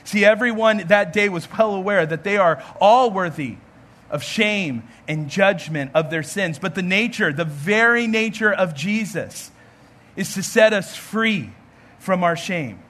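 A man's voice: sits high, unhurried, fairly bright tone. A man, a pastor, giving an earnest storytelling sermon and acting out the voices in the story.

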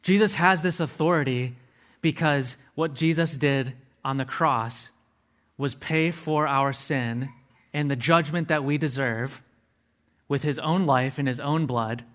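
A man's voice: a little high, measured pace, a bit bright. A man preaching a sermon, earnestly explaining word meanings step by step and adding casual asides to his listeners.

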